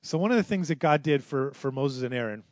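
A man's voice: mid-range voice, expressive, a little fast, no room sound. A man preaching a sermon as pastor in a church, telling the story conversationally and acting out the quotes.

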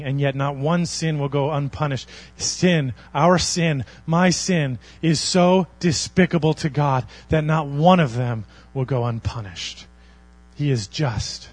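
A man preaching a sermon as a pastor, earnest, swinging between loud emphasis and quiet intensity. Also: on the high side.

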